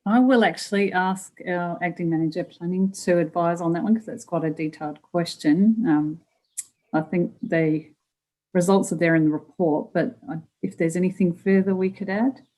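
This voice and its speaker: A woman's voice: fairly low pitch, moderate pace, darkish tone, low-quality recording. A woman, the council's chief executive, speaking briefly and in a businesslike way. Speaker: council CEO. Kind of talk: formal council meeting.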